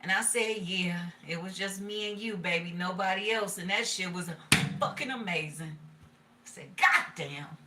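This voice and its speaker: A woman's voice: medium pitch, moderate pace, echoey room, far from the mic, heavy background noise. A woman giving a casual, profane tarot reading, talking in a streetwise way and laughing often. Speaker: tarot reader.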